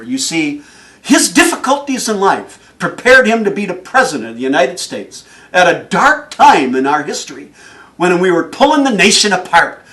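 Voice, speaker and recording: A man giving a motivational speech, telling stories in an animated way and chuckling often. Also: high-pitched, far from the mic. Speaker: motivational speaker.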